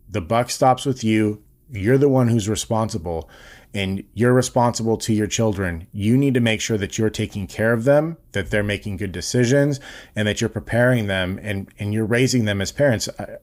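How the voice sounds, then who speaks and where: A man's voice: on the low side, moderate pace. A young man hosting a podcast, giving blunt, earnest advice in a casual monologue and swearing freely. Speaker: podcast host.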